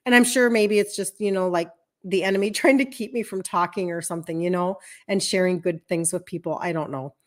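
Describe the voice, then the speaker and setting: A woman's voice: fairly low pitch, fairly quick. A woman in her fifties, a health coach talking casually to viewers on a live stream, chatty and rambling, acting out what people said. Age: 50s. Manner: chatty and rambling, acts out quoted speech.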